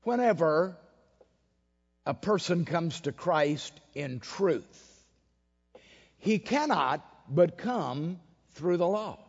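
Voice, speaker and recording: A man preaching a sermon, emphatic and storytelling, his voice rising high and loud for emphasis. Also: lively intonation, drawn-out words, creaky, long pauses, husky, soft background music. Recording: dull lo-fi sound with long hall reverb.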